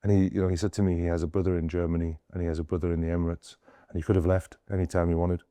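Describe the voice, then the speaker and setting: A man's voice: low-pitched, flat delivery, racing, mellow, no room sound. A young man, a doctor, earnestly telling stories of his mission in an interview, often retelling scenes with quoted dialogue. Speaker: doctor guest on a humanitarian mission.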